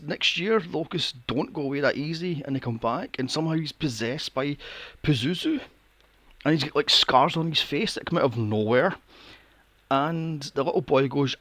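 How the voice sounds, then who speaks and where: A man's voice: on the high side, fairly bright tone, no echo. A man co-hosting a podcast in casual chat, telling a story with lots of swearing and laughter. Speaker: podcast co-host.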